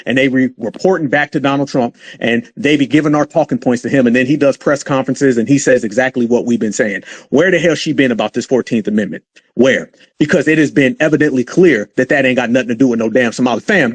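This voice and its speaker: A middle-aged man with an African American English accent, hosting a heated, profane political rant show. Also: medium pitch. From United States. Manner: heated, profane, preacher-like ranting. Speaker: commentary show host.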